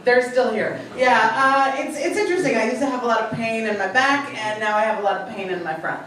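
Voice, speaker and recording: A young woman from Long Island doing a stand-up set in a comedy club, dropping deadpan one-liners and chatting with the crowd, in a Long Island accent. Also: on the high side, brisk. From Long Island, New York. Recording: echoey club from far off, noisy. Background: audience laughter.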